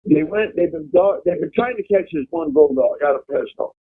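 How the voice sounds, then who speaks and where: A man's voice: on the high side, expressive, moderate pace, breathy edge. A man telling rambling, profane stories as a guest in a casual chat. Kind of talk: casual storytelling. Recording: tinny phone line.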